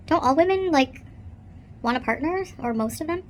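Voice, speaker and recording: A woman's voice: sits high, expressive, quick pace, fairly bright tone, a little hiss or hum. A woman reading viewer questions aloud and answering them in a defensive, matter-of-fact way.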